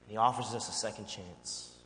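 A male pastor preaching a sermon and telling a personal story in a conversational, animated way. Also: lowish voice, a little fast. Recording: long hall reverb, faint hum.

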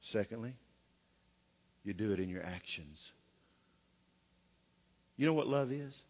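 A man's voice: lowish voice, animated, slow pace, a little mellow. A middle-aged man preaching a sermon in a folksy way, with joking asides and rhetorical questions. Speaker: pastor.

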